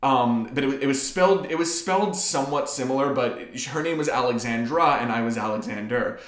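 A man telling profane, animated stories in casual chat. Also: mid-range voice, brisk. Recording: echoey room.

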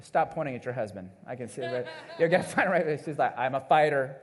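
Speaking fast in a mid-range voice, a male pastor gives a sermon before his church congregation. He talks conversationally and with animation, calling out to the people listening and acting out whoever he quotes.

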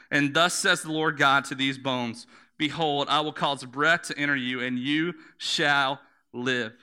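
A man's voice: medium pitch, bright, forceful tone, smooth. A man preaching a sermon, telling the story in vivid images, repeating words for emphasis and asking the listeners to close their eyes and imagine.

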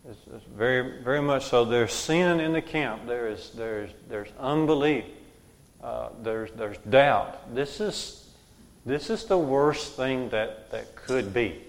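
A man's voice: mid-range voice, animated, slow. A man leading a group Bible study, who asks questions and repeats the answers back to the room.

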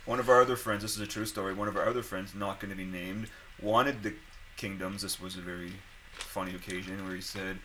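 A young man with a bright, forceful voice, pitched a little low, tells a crude story in casual chat. He is animated and blunt. Faint ambient noise sits behind him. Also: a little fast, low-quality recording.

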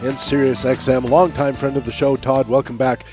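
A man hosting a baseball radio talk show, his voice stuffy and nasal from a cold. He speaks at a middling pitch, with clear music playing under him. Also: level tone, normal speed, a little mellow. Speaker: host.

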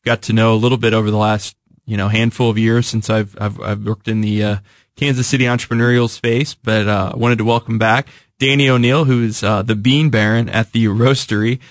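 A man hosting a business talk show in a studio, introducing guests with halting speech full of fillers and repeated words. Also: on the low side, little pitch movement, dry recording. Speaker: show host. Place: radio studio.

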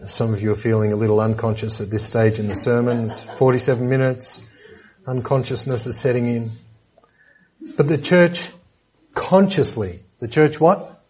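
A man's voice: medium pitch, a little mellow, highs cut off. A man preaching a sermon lesson in a conversational way, with joking asides and repeated words.

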